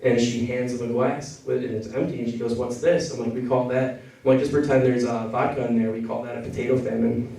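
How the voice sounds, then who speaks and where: A man's voice: medium pitch, flat delivery, quick pace, creaky, warm tone, slight background noise. A man doing a loose, rambling stand-up set that keeps correcting itself. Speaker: stand-up comedian. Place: comedy venue with a crowd. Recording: echoey room from far off. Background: audience laughter.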